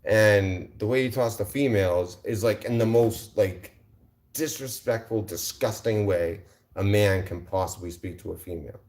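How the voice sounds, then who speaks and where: A man's voice: lowish voice, normal speed, darkish tone. A male livestream host answering his chat in a combative, mocking rant, repeating his insults.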